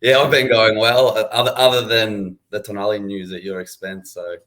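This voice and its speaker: A young Australian man talks easily and chattily as a podcast guest. His voice sits low and hardly rises or falls, keeping an even, laid-back line. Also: moderate pace. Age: 20s. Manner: relaxed, chatty, laughs easily. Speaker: guest, supporters' club founder. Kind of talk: casual podcast interview.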